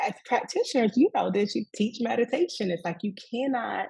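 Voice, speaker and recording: A woman from the American Deep South, telling a personal story as a guest in a conversational, laughing way. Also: animated, brisk, creaky, slightly rough, low-quality recording. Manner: warm storytelling with frequent laughs and asides. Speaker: guest speaker, rest coach.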